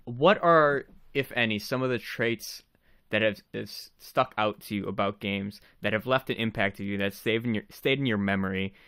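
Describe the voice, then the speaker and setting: A man hosting a casual podcast chat, animated and laughing often as he rambles through his questions. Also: on the low side, normal speed, clear, resonant tone, no echo. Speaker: podcast host and game developer.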